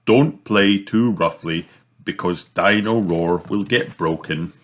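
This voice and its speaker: A man voicing a jolly, good-humoured father pig from a children's storybook in a gentle dad voice. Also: low voice, slow.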